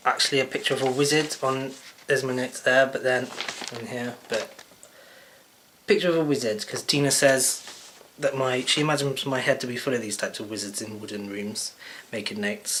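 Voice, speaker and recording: A man's voice: mid-range voice, fairly bright tone, a little hiss or hum, poor audio. A man hosting his own show, chatting unscripted straight into a camera mic in a rambling, jokey, self-deprecating way. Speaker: vlogger host. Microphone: camera microphone.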